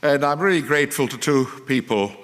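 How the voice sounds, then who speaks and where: A man's voice: mid-range voice, fairly quick, fairly bright tone. An older man with a Turkish accent addresses a large hall, his voice ringing out with a long reverb. He speaks with dry, self-deprecating humor in an easy, mid-range voice. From Turkey. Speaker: award recipient. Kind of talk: acceptance speech. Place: large conference hall on stage.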